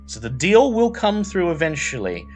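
A man's voice: on the high side, wildly swooping pitch, moderate pace, a little mellow, soft background music, voice pushed up. A man voicing a jovial, pompous male vampire prince, speaking in a grand, theatrical way.

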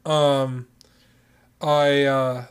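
A man's voice: mid-range voice, flat delivery, drawn-out words, clear, resonant tone. A man co-hosting a casual chat, profane and given to mock-outraged rants. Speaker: podcast co-host.

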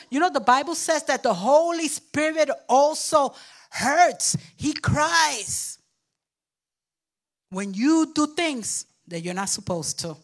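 Older woman preaching an emphatic sermon. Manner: emphatic, call-and-response with the congregation; acts out babbling toddlers in a squeaky voice. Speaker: pastor.

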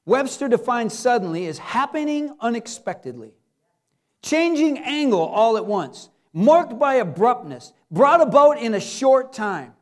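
High-voiced man preaching animatedly. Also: very animated, a little slow. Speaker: pastor. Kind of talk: sermon.

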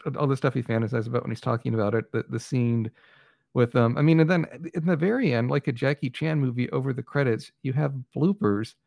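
A man with a gravelly, fry-edged voice chats casually as a film-review co-host. He rambles wryly and restarts his sentences often. The recording is dry and close. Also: medium pitch, fast talker, darkish tone, no room sound. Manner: rambling, hesitant restarts, wry. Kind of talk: casual chat.

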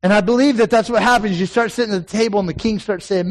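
A man's voice: high-pitched, fast talker, hardly any pauses, low-quality recording. A man in his forties preaching a sermon in a church, telling folksy personal stories and building to emphatic points. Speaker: pastor. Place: church sanctuary with a congregation.

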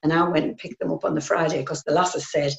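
A woman's voice: sits low, fairly even intonation, quick pace, vocal fry. An older woman with a North East English accent, recalling the past in an earnest, plain-spoken way with frequent hesitations. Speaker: interviewee. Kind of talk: personal recollection. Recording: roomy, slightly dull recording.

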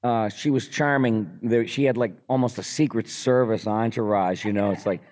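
A man's voice: lowish voice, normal speed, a little mellow. Mischievous man telling a panel story. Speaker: convention panelist, voice actor. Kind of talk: comic anecdote. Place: convention panel hall.

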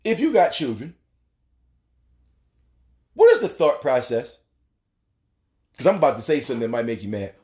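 A man's voice: medium pitch, wildly swooping pitch, moderate pace, long pauses, a little mellow. A man hosting a talk radio show, delivering a blunt, profane monologue and acting out the voices he quotes. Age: adult, has a son.

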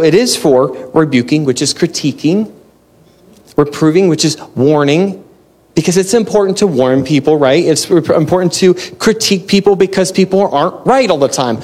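A man's voice: fairly high pitch, darkish tone. A man preaching a casual, conversational sermon, chatty and self-interrupting, laughing often as he talks. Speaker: pastor.

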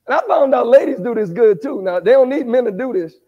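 A man preaching at a Bible study, animated, quizzing the congregation and rising to shouts. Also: extremely high pitch, quick pace, husky, big-room sound, dull audio. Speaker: pastor. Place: church sanctuary.

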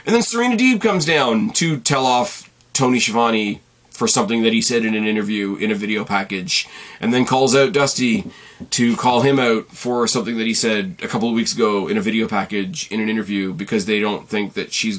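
A man's voice: fairly low pitch, normal speed, fairly bright tone. A man from Canada giving a casual solo recap of a wrestling show, sarcastic and profane, with dry throwaway asides.

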